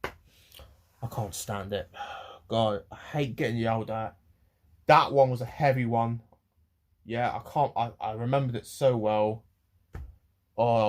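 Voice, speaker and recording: An eighteen-year-old man rants to camera, rambling, with many pauses and restarts. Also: lowish voice, a little mellow. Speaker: vlogger. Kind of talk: ranting to camera.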